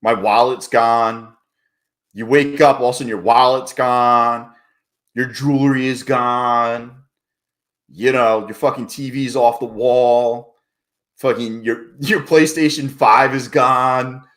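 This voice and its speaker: Male stream host, casual and profane, banters with chat in an average-pitched voice. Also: fairly even intonation, slow pace, fairly bright tone. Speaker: livestream trading host.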